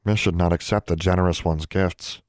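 A man's voice: low voice, steady tone, brisk, no echo, clean studio sound, lightly acted. A man whispering as a timid little elf servant. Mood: hushed. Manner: soft hushed third-person speech.

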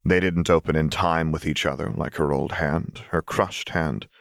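A man with a very deep voice reads fan fiction aloud in a calm, measured storytelling manner. The recording is close and dry, with no room sound. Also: creaky, dry recording. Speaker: audiobook narrator. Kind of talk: scripted narration of fan fiction.

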